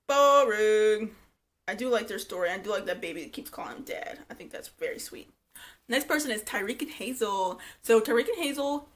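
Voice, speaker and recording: Blunt, profane young woman reviewer. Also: on the high side. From Virginia Beach, USA. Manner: blunt, profane, animated retelling with mimicked quotes. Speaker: reality TV reviewer. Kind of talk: casual commentary.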